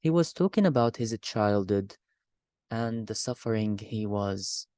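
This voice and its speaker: A man's voice: on the low side, expressive, measured pace, dark tone, smooth, no room sound, clean studio sound. A young man giving a class presentation, reading a poem and explaining its meter with some hesitant fillers and repeated words. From Gaza. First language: Arabic. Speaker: university student presenting.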